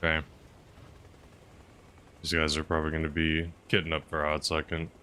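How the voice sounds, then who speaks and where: A man streaming a game, chatting casually and rambling aloud, swinging between loud bursts and mumbled asides. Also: rumbling low, completely flat delivery, moderate pace, smooth. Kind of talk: casual live-stream commentary while playing.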